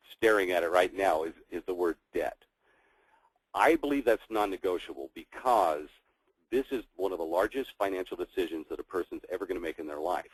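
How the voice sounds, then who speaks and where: A man's voice: deep voice, breathy edge, no room sound, poor audio. A middle-aged man teaching a sales training session, walking through scripts in an instructive way with frequent fillers. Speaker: sales coach.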